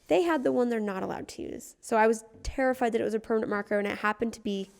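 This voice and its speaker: Young mother with a creaky voice. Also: on the high side, fast talker. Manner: relaxed, laughs easily, thoughtful asides. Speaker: podcast co-host, mother. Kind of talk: casual family chat.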